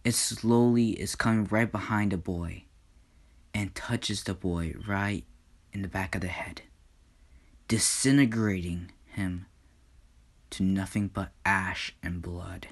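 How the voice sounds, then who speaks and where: A man tells an improvised fan story slowly, with long pauses and a somewhat low voice. He often drops to a hushed whisper at the dramatic moments and stumbles now and then as he goes. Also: steady tone.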